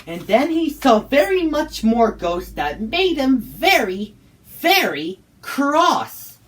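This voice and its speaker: A woman's voice: a little high, sing-song, slow pace. A woman narrating a homemade cartoon story in simple run-on sentences.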